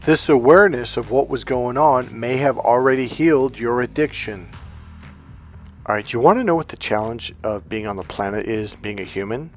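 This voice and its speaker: A man's voice: mid-range voice, moderate pace, soft background music. Rambling, chatty man coaching viewers. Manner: rambling, chatty, many fillers and restarts. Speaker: life coach. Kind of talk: casual storytelling monologue to viewers.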